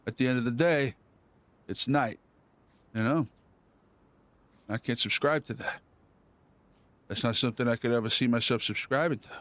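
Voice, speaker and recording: A man's voice: medium pitch, moderate pace, long pauses, fairly bright tone, dry recording. A man hosting a live stream, rambling loosely and joking in slang. His voice sits in an ordinary middle register.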